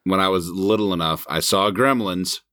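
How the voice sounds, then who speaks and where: A man with a low voice teases his co-hosts and swears through casual banter on a podcast. The sound is dry, close and plain. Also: normal speed, pushed and bright, no echo. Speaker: podcast co-host.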